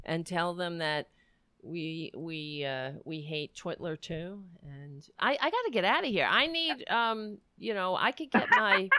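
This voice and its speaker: A woman's voice: on the low side, expressive, a little slow, pushed and bright, no room sound. A woman from the US co-hosting a live stream, chatting casually, laughing often and swearing freely. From USA. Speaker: co-host.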